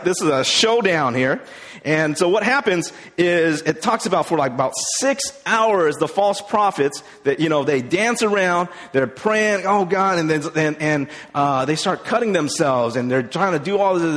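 A man's voice: fairly high pitch, animated, moderate pace, fairly bright tone. A man preaching a sermon as a pastor, retelling a Bible story in a casual way with many fillers. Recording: long hall reverb.

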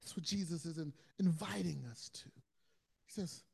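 High-voiced man preaching earnestly. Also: a little fast, vocal fry, slightly rough. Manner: earnest storytelling with frequent repeated words and restarts; swings between hushed low passages and loud, intense ones. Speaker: pastor. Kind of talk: sermon.

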